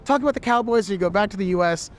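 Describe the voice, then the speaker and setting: A man's voice: high voice, rapid-fire, faint music behind. A man living in England giving chatty, emphatic advice in a casual vlog.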